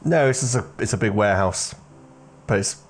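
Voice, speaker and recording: A game master narrating a tabletop role-playing game in a relaxed, loose way. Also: mid-range voice, brisk.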